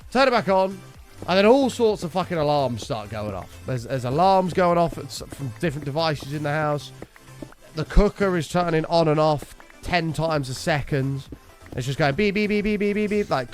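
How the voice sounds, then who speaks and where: A young man streaming a game, casually telling a story, swearing freely and acting out his own quotes. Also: on the high side. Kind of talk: casual storytelling while gaming.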